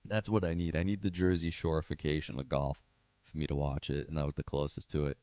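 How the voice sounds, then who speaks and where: A man's voice: a bass voice, level tone, quick pace, mellow, dry recording, highs cut off. A young man hosting a casual livestream, chatting in a laid-back, profane, slangy way and answering live chat comments. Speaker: livestream host.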